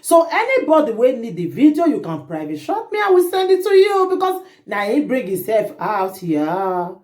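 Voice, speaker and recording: Indignant and animated, the woman shares gossip with her audience in a Nigerian Pidgin accent. She pitches a little high, keeps a moderate pace, and the room echoes around her.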